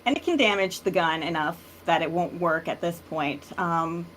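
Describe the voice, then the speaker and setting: A woman's voice: fairly low pitch, normal speed, fairly bright tone, a little hiss or hum. A woman playing a tabletop role-play game, describing her moves hesitantly with many fillers. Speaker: player.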